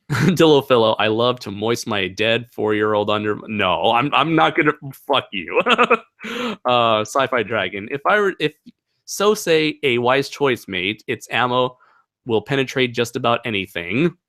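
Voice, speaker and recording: A young man reads viewer questions on his livestream in a bright, forceful voice. He rambles, laughs and fills gaps with "uh, let's see". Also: mid-range voice, animated, measured pace. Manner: rambling, laughs often, many fillers. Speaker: channel host. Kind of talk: casual livestream Q&A chat.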